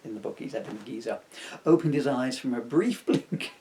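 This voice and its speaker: A man's voice: medium pitch, moderate pace, warm tone, a little hiss or hum. A man reading aloud from his own comic novel, breaking off often for self-mocking asides. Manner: digressive, self-mocking jokes between passages.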